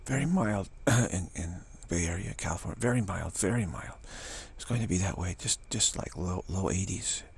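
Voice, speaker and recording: A man's voice: deep voice, normal speed, gravelly, hardly any pauses, husky. A man giving a rambling, emphatic spiritual talk as a teacher, often dropping into whispers. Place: Bay Area, California.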